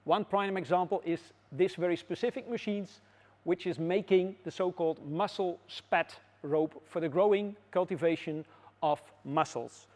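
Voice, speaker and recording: A man guiding visitors through a factory floor, explaining in a measured way with frequent pauses. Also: high-pitched, darkish tone. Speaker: factory tour guide. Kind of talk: guided factory tour.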